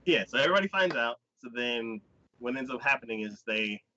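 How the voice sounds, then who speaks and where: A man hosting a casual podcast chat, recapping a story with lively energy and acting out the characters' lines. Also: medium pitch, fairly quick. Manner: animated storyteller who acts out characters' lines in quoted voices. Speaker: podcast host. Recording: dull, dry lo-fi recording.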